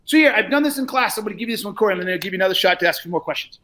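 A man's voice: lively intonation, rapid-fire. A man coaching a salesperson in a live role-play, blunt and profane, lecturing and often raising his voice. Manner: often shouts, then drops low.

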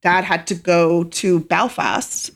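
A middle-aged Irish woman with a lowish voice, speaking as an interview guest. She talks reflectively, circling back with fillers and restarts as she gathers her thoughts. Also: fairly even intonation, slow pace, creaky. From Ireland. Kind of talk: casual conversational interview.

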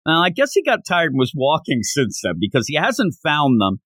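A man co-hosting a casual manga discussion podcast, retelling scenes in an animated way and acting out the characters' lines. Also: fairly high pitch, moderate pace, no echo. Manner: animated retelling with acted-out quotes. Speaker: podcast co-host.

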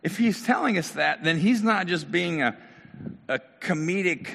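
A man's voice: sits high, lively intonation, moderate pace, vocal fry, a bit bright, in a large hall. A middle-aged man preaching a casual, conversational sermon, talking directly to his congregation in a church. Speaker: pastor.

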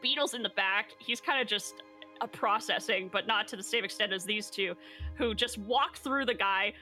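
A woman recapping a tabletop game session in casual narration, animated and laughing, often swearing and acting out quotes. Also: medium pitch, normal speed, faint music behind.

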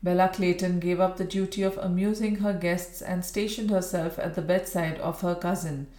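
A woman reading a novel aloud in steady, measured storybook narration. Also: lowish voice. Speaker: audiobook reader. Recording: roomy echo.

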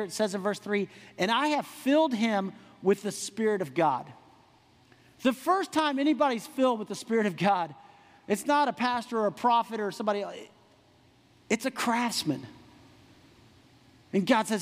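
High-voiced man preaching in an echoey hall. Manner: animated preaching with quick asides and rhetorical questions. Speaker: pastor. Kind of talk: sermon.

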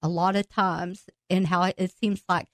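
A woman guest on a podcast telling her personal faith testimony with emotion, laughing and breaking into excited outbursts as she tells it. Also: on the low side, normal speed, dry recording.

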